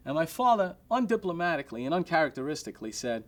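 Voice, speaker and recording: A man, a restaurant owner telling an anecdote in an animated way and acting out the quotes. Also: fairly high pitch, fast talker, hardly any pauses.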